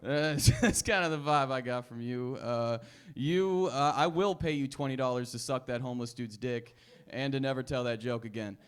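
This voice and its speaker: A male comedian picks apart the other comics on the bill, his clear, resonant voice sliding from muttered asides into abrupt yells. His pitch is ordinary for a man. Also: normal speed. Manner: mumbled asides, sudden loud bursts. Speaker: stand-up comedian. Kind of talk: roasting fellow comics. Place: comedy club stage.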